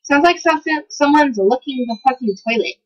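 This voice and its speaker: A woman giving excitable, profane commentary while playing a game, talking back to the characters on screen. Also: high voice, fairly quick, dull audio. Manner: excitable, swears a lot, talks to game characters. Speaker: let's play gamer. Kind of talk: casual gameplay commentary.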